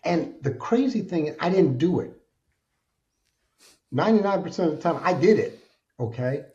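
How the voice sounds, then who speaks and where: A middle-aged man tells his story with candor, his voice dark and mellow. He speaks in an earnest, colloquial way and grows animated in places. The recording is dull and slightly lo-fi. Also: fairly high pitch, normal speed. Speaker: podcast guest. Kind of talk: candid personal storytelling. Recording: dull lo-fi sound.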